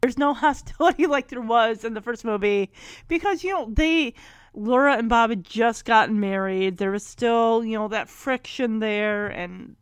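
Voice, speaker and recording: A woman with a fairly high voice talks through a film in casual commentary, giggling between lines and retelling scenes with lively enthusiasm. Her voice sounds close and dry, with no room around it. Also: normal speed, smooth, no room sound. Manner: giggly, animated retelling with frequent laughter. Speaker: movie recap commentator.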